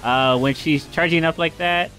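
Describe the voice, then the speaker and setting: A man's voice: a little high, normal speed, sharp tone, soft background music. A man co-hosting a let's play, joking and giving casual tips while his partner plays. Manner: joking, laid-back, gives tips. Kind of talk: casual gameplay commentary.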